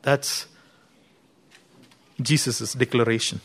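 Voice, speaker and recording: A man's voice: mid-range voice, level tone, slow, creaky, a little hiss or hum. A man preaching a sermon, teaching earnestly, pushing his voice up for emphasis and often saying "you know".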